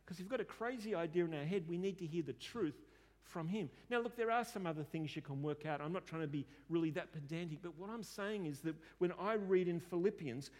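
A preacher in a long-echoing hall. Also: male voice, on the high side, fairly quick, a little mellow. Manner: conversational, repeats words when starting sentences. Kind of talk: sermon storytelling.

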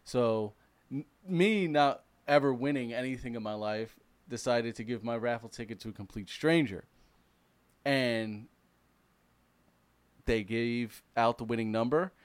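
A man co-hosting a podcast, telling a story in relaxed casual chat with lots of fillers. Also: medium pitch, unhurried, clear, resonant tone, no room sound. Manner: easygoing, apologetic, filler-heavy. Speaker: podcast co-host.

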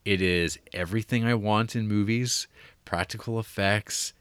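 Podcast co-host, male, slightly low voice, loose rambling delivery full of restarts. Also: normal speed, fairly bright tone, clean tone, dry recording. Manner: rambling, laughing, many fillers and restarts. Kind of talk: casual movie chat.

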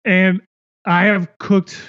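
Man co-hosting a podcast, high lively voice, agreeable, muffled lo-fi recording. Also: takes it slowly, clean tone. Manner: agreeable, lots of yeahs. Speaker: podcast co-host. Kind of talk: casual chat. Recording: dull lo-fi sound.

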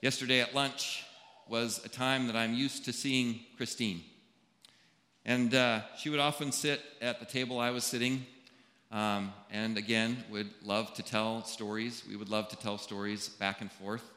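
A male pastor preaching a funeral sermon, unhurried and measured, leaving long pauses between phrases. His voice is bright and forward. It rings out through an echoey church hall with a long reverb tail. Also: medium pitch, fairly even intonation. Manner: slow, deliberate delivery with long pauses.

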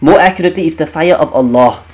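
A man's voice: a little high, fast talker. A man teaching the meaning of Quranic verses in an emphatic way, repeating key phrases and asking rhetorical questions.

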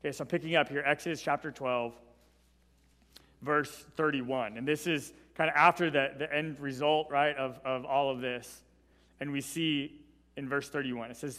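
A man's voice: medium pitch, steady tone, moderate pace, a bit bright, long reverb tail. A man preaching a Bible teaching in a conversational way, often checking in with "right?" as he goes. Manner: conversational, tags points with "right?".

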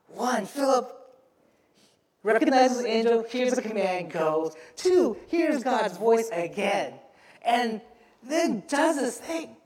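A man preaching a sermon as pastor, telling the story with animated acted-out voices and frequent asides to the congregation. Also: high-pitched, echoey room.

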